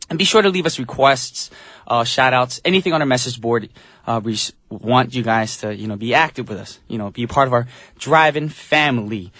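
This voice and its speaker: A man's voice: mid-range voice, expressive, a little fast, a bit bright, dry recording, studio quality. A man from the United States hosting a morning radio show in an upbeat, chatty, self-joking way. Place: radio studio.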